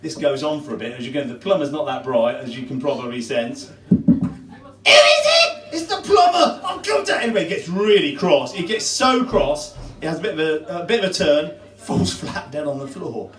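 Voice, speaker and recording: A man's voice: fairly high pitch, brisk, few pauses. A man telling jokes on stage at a variety night, chuckling at his own punchlines. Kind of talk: stand-up joke telling. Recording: echoey room from far off.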